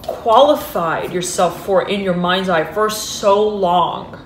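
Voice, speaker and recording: A woman reads tarot cards in a loose, meandering way, full of restarts and fillers. Her voice sits at an everyday middle pitch and often breaks into giddy laughter. The recording carries a noticeable roomy echo, with a faint hum of background noise. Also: slow. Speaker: tarot reader. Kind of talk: intuitive tarot reading.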